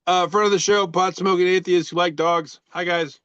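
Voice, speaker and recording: Man, casual podcast chat, slightly high voice, rambling and joking, dull dry recording. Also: fairly even intonation, moderate pace, a bit bright, clean tone, dry recording. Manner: rambling, joking, with many fillers and restarts. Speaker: podcast co-host reading social media posts.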